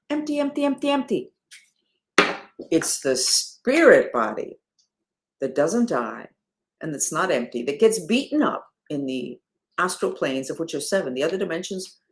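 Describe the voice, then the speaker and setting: Animated woman leading a spiritual talk. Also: fairly low pitch. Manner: animated, rhetorical, swings between loud and hushed. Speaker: spiritual movement leader. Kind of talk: casual spiritual talk to followers.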